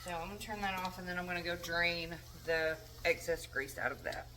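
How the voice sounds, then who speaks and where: A woman's voice: fairly low pitch, brisk, far from the mic, noisy background. A young woman chatting casually while cooking in her home kitchen, rambling with self-deprecating asides. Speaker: home cook vlogger.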